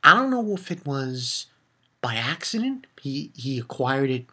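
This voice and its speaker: A man giving a casual spoken review of a comic chapter, retelling it excitedly with swearing and lots of fillers. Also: mid-range voice, measured pace, a little hiss or hum. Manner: excitable, loose and profane, with many fillers. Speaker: manga reviewer.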